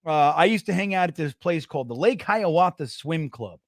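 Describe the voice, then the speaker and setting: Jersey dude hosting a sports stream, loud and jumpy, laughs constantly, high voice bouncing all over, dry mic. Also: male voice, brisk, no room sound. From New Jersey. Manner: loud, excitable storyteller, laughs often. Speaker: podcast host. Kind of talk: casual livestream chat.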